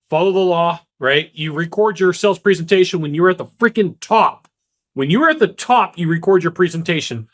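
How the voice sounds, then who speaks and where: High-pitched, emphatic man coaching on sales. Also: fairly bright tone. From Kentucky. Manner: emphatic, repetitive, acts out quick voices of others. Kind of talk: energetic solo sales advice talk.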